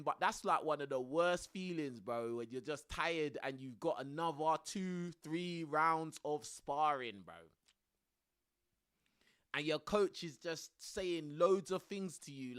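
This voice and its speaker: A man's voice: high voice, lively intonation, unhurried, a bit bright. A young man chatting casually on a live stream from his home, laughing often and using lots of slang. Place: home room under a studio light.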